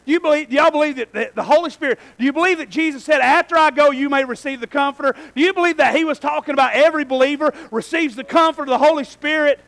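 A male pastor preaching a sermon in a church, swinging between shouted lines and quiet asides. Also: very high voice, fast, creaky, hardly any pauses, poor audio.

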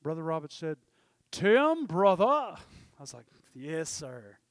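A man preaching a testimony, storytelling with passion and swinging from loud to hushed. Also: fairly high pitch, big pitch swings, a little slow, no room sound, studio quality. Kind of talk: sermon testimony.

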